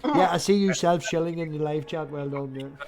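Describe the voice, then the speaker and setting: A man's voice: a little high, fairly quick, over music. A man hosting a casual video-call chat, joking, swearing and telling stories with animation. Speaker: podcast host.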